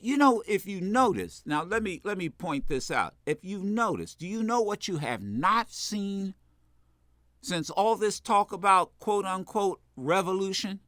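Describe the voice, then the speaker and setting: A high-pitched, sharp-toned man holds forth as a talk radio host, slow and deliberate, his pitch swinging widely as he repeats phrases and builds to shouts. The studio sound is dry and close. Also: no room sound. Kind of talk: impassioned political commentary.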